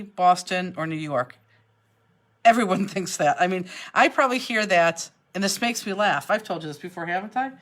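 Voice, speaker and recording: A woman from Ohio, chatting casually and animatedly while hosting a live online craft class. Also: lowish voice. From Cleveland, Ohio. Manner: chatty, animated, laughs easily.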